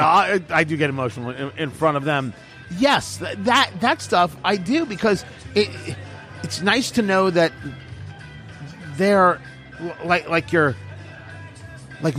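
A man's voice: on the high side, a bit bright. A middle-aged man, a radio host, chatting casually with blunt, emphatic opinions. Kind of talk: casual chat.

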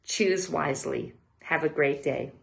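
Woman giving a measured pep talk. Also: low voice, gravelly. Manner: measured, slows down to stress key words. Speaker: host; athlete. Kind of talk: motivational monologue.

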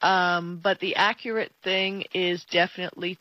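A woman co-hosting a tech talk show in casual chat, emphatic and quick to laugh. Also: lowish voice, steady tone, dry recording. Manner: chatty, laughs often, emphatic. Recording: dull lo-fi dry sound.

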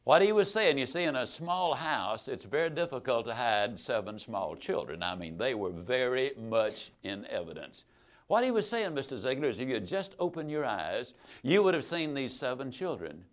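A man telling a true story in a motivational sales talk, folksy and emphatic, swinging between loud and soft. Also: mid-range voice, sing-song, normal speed. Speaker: sales trainer and motivational speaker.

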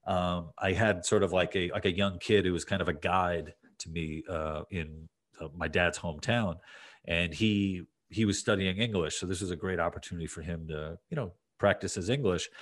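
Deep-voiced male podcast host. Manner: rambling, many fillers and restarts. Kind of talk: casual conversation.

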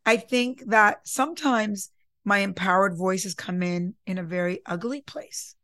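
A woman's voice: medium pitch, unhurried, a bit bright, no echo. A woman hosting a podcast, talking in an earnest, reflective way about confidence and sometimes acting out her inner voice. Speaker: podcast host. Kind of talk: casual motivational talk.

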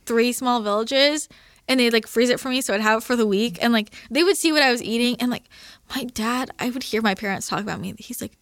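Young woman guest, a touch high-pitched, animated storyteller who swears freely and acts out her quotes; dry, close recording. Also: a little fast, dry recording. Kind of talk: casual podcast chat.

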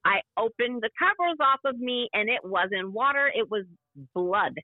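A woman's voice: a little high, lively intonation, moderate pace, no room sound. A woman in her fifties, an interview guest, telling a personal story in vivid, emotional detail and acting out what people said. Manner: vivid, emotional retelling that acts out past dialogue. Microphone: phone call. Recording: dry, tinny phone line.

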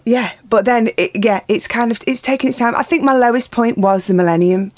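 A woman's voice: a little high, brisk, darkish tone. Candid Liverpool woman on a chat show. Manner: candid, reflective, hesitant. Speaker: guest. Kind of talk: casual chat.

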